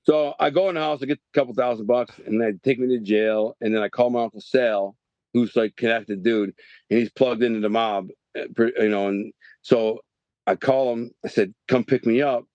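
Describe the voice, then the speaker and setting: Middle-aged man, guest storyteller, animated and rambling, dry, slightly dull mic. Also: medium pitch, moderate pace, no room sound. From Detroit, Michigan. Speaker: podcast guest. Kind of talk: storytelling interview.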